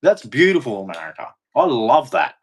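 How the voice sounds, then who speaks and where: A man's voice: medium pitch, big pitch swings, moderate pace, breathy edge. A man giving an emphatic, repetitive monologue, swearing and acting out quoted voices as he goes. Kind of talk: ranting monologue.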